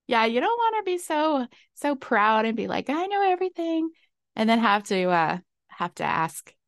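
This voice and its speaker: A woman hosts her own casual solo podcast, talking exuberantly and laughing often into a desk mic. Her mid-range voice is creaky, and the studio-quality recording has no room sound.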